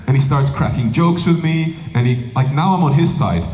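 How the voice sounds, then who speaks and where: A monk and spiritual teacher gives a humorous, anecdote-filled talk at a live event hall, acting out quotes as he goes. His mid-range voice is animated and brisk with hardly any pauses, and the recording has a roomy echo and faint background ambience.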